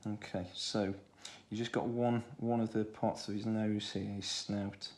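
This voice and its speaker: A man with a Stoke-on-Trent accent, talking through a children's drawing tutorial in a relaxed way, thinking aloud as he draws. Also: fairly low pitch, a little slow, a little hiss or hum. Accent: Stoke-on-Trent English. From England. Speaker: art tutor.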